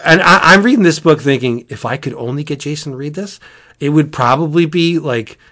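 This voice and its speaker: A man chatting casually as a podcast host, retelling a comic in a rambling, animated way. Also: fairly high pitch, fairly quick. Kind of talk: casual chat.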